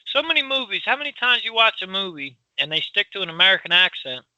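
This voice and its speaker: Loud, bright-voiced Philly man. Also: high voice, very animated, fast, dry recording, poor audio. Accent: Philadelphia. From Philadelphia. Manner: loud, rambling, laughs often. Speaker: podcast co-host. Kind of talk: casual chat.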